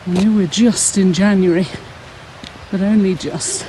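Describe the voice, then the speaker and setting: Woman, Sunday school leader, warm mellow tone, slow unhurried telling, a little breathless, faint outdoor hiss. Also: medium pitch, steady tone, low-quality recording. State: slightly out of breath. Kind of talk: outdoor talk to camera on a walk. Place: outdoors on a frosty hillside walk.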